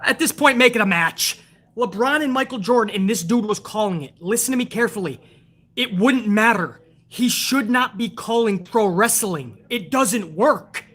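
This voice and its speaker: Brief: profane, incredulous female host woman ranting at a live chat, husky and fairly high. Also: animated, moderate pace, a bit bright. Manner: reads out and answers chat viewers. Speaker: show host. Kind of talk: heated wrestling show rant to a live chat.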